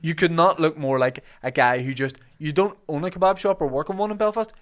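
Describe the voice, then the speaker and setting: A man's voice: fairly high pitch, brisk, a bit bright. A man with a Northern Irish accent hosting a podcast, doing ad reads and joking with guests in a rambling, laughing way. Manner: jokey, rambling, laughs often. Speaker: podcast host. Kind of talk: casual podcast chat and ad reads.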